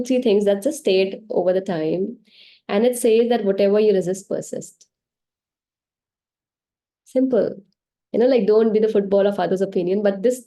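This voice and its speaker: Indian English woman, session host; mellow voice, chatty and animated, laughing through her teaching stories. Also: medium pitch. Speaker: meditation session host and healer. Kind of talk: casual spiritual teaching on a live online session. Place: online live session.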